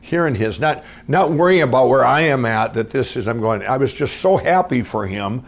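A middle-aged man from Minnesota telling his own life story off the cuff, rambling with many restarts and swinging between excited and hushed. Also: mid-range voice, normal speed, vocal fry. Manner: rambling, full of restarts and "I'm going". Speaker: guest storyteller. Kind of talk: unscripted personal storytelling.

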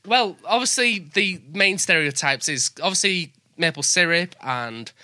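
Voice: mid-range voice, lively intonation, measured pace, sharp tone. A British speaker in casual chat, dry and teasing. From United Kingdom.

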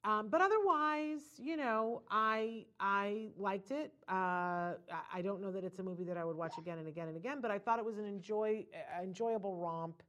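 A woman co-hosting a casual film review chat, frank and animated, laughing often. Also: mid-range voice, normal speed, hardly any pauses, muffled recording.

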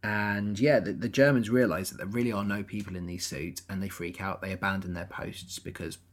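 A woman's voice: rumbling low, brisk. A woman co-hosting a podcast, chatting casually about a film with sarcastic asides. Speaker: podcast co-host.

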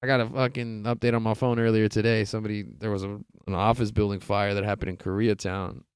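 A man's voice: on the low side, flat delivery, quick pace, clear, resonant tone, no room sound. A young man hosting a podcast, chatting casually about sports news in a laid-back, rambling way with lots of swearing. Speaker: podcast host.

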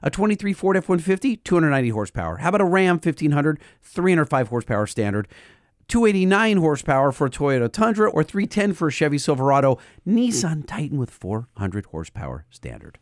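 A man co-hosting a truck podcast, his voice a touch higher than most and swinging widely in pitch. He chats and jokes loosely and reads ad copy with energy. The sound is dry and close. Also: quick pace, dry recording. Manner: lively, jokey, reads specs off a chart. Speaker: podcast co-host. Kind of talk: casual podcast chat and live ad reads.

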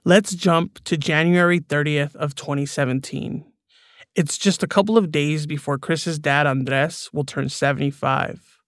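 A man hosting a podcast, asking relaxed, curious questions and reading scripted narration. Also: fairly high pitch, measured pace, dry recording, studio quality. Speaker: podcast host. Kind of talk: casual interviewing and scripted narration.

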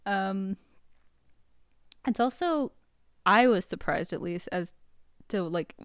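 A woman's voice: mid-range voice, lively intonation, takes it slowly, clean tone, no room sound, clean studio sound. A woman co-hosting a podcast, chatting casually with many fillers and easy laughs. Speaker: podcast co-host. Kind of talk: casual chat.

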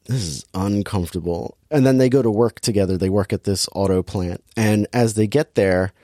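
A man's voice: fairly low pitch, fairly quick, warm tone, no room sound. Man rambling through a movie recap. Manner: rambling, jokey, acts out the scenes. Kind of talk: casual movie review chat.

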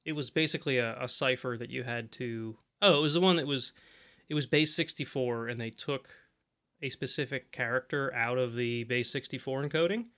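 A man's voice: mid-range voice, fairly quick. A man co-hosting a casual tech podcast, telling stories with frequent laughs. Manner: laughs often, animated storytelling. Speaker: podcast co-host.

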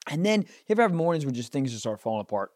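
A man on a podcast telling a comic story in casual chat, swearing and rising to loud, indignant outbursts. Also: medium pitch, very animated, racing, no echo, studio quality. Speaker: podcast host.

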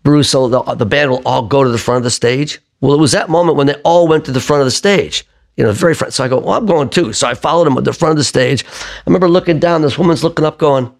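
Gravelly older man telling stories. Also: mid-range voice, quick pace. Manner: lively raconteur who acts out quoted voices. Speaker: singer-songwriter guest. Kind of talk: conversational storytelling interview.

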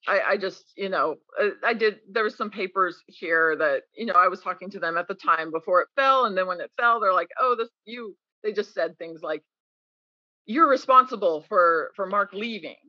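A woman at medium pitch and normal speed talks as a podcast interview guest; the recording is muffled, with no room sound. She spins frank, spirited stories, voicing the people she quotes.

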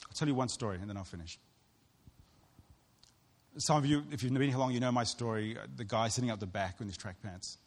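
Husky-voiced man preaching in a reverberant hall. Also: mid-range voice, fairly quick, long pauses. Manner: earnest, storytelling, acts out voices of others. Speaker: pastor. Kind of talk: sermon.

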